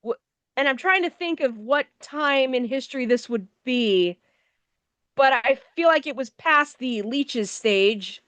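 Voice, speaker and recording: Woman, high voice, dry close sound, sarcastic casual movie recap. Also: animated, measured pace, a bit bright, no echo. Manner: sarcastic, wry, swears offhandedly. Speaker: co-host of a movie review show.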